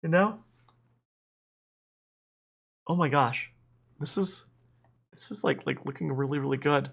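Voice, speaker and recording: A stream host with a Minnesotan accent, chatting at an ordinary pitch in loose, rambling sentences. The talk is full of fillers and restarts. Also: normal speed, creaky, husky. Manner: rambling, many fillers and restarts, laughs often. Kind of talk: casual livestream chat.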